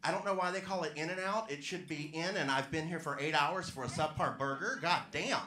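A stand-up comedian from Georgia working the crowd with self-mocking punchlines. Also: male voice, on the high side, fairly quick, sharp tone. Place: comedy club stage. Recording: echoey club room.

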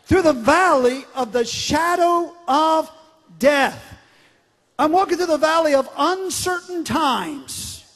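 High-pitched man preaching in a reverberant church. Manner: emphatic, drawn-out scripture reading with restarts. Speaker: pastor. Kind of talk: sermon. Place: large church sanctuary.

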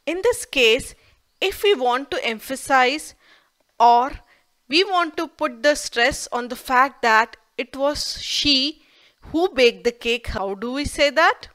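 Slow, bright-voiced woman teaching grammar. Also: high-pitched, expressive. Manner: slow, careful, stresses example sentences. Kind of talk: scripted grammar lesson.

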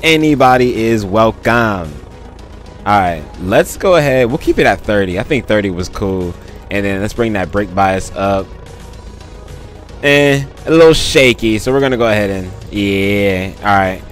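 A man's voice: on the low side, lively intonation, unhurried, soft background music. A man live-streaming a driving game, chatting in a hyped, slangy way and thanking viewers often. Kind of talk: casual live-stream commentary.

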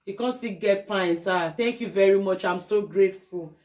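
A woman's voice: mid-range voice, normal speed, darkish tone. A young woman with a Nigerian Pidgin English accent, chatting effusively in a casual unboxing vlog. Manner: effusive, breaks into sing-song chants. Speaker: vlogger.

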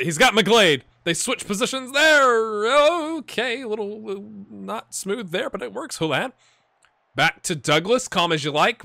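Excitable man cheering through a gameplay session. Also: sits high, gravelly, no echo. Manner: excitable, cheers on his players, thinks aloud. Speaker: video game channel host. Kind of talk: let's-play gaming commentary.

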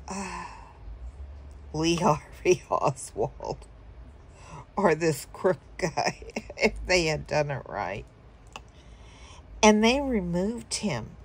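A vlogger with a deep, husky voice tells her viewers a story in a casual, rambling way, using plenty of fillers and chuckling now and then.

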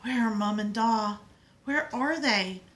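A woman voicing a frightened little girl who sobs and pleads in a high, tearful voice. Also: takes it slowly, fairly bright tone.

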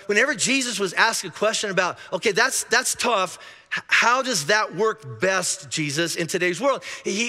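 A man's voice: high voice, sharp tone, in a large hall. A male pastor preaching a sermon in a chatty, joking way, often restarting his sentences, heard in a church auditorium. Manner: conversational and joking, with frequent restarts.

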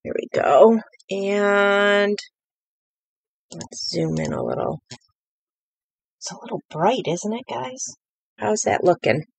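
A woman's voice: medium pitch, lively intonation, slow pace, creaky, pauses often, slightly rough, dry recording. A woman hosting a live-streamed craft tutorial from a home craft table, talking in a chatty, rambling way with many fillers. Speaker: craft demonstrator.

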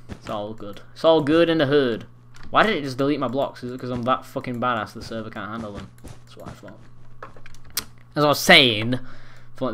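A young man commentating his own game, rambling and swearing, breaking into angry yells. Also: medium pitch, a little hiss or hum. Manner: swears a lot, rambling, bursts into angry yelling. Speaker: gaming commentator. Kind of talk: live gameplay commentary. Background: faint keyboard clicks and typing.

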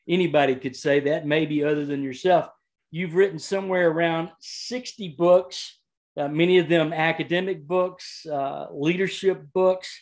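A man hosting an interview, welcoming his guest courteously and asking long, measured questions. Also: fairly high pitch. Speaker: interview host. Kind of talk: conversational interview.

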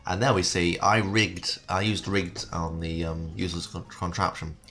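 A man's voice: low voice, flat delivery, normal speed, vocal fry, sharp tone, soft background music. A man hosting a casual, jokey card game commentary, chatting and laughing with his co-hosts.

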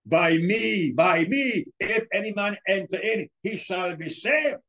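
A man preaching a sermon as pastor, emphatic, with drawn-out words and pauses, calling his listeners beloved. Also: high-pitched, expressive, pushed and bright, muffled recording.

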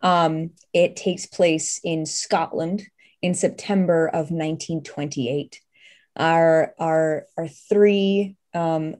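A woman's voice: on the low side, darkish tone. A woman running a tabletop horror game as game master, upbeat and chatty as she introduces players and sets the scene.

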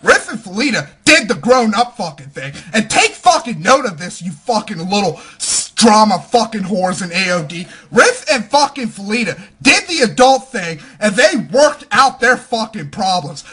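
A man in an angry, profane vlog rant, snarling and at times shouting. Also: high voice, slightly rough. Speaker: vlogger.

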